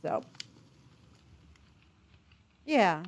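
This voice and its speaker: A woman from California, with a faint Southern lilt in her otherwise neutral accent, chatting casually with viewers on a live stream. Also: very slow. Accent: slight Southern lilt mixed with neutral Californian. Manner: chatty and friendly, talks to pets and chat.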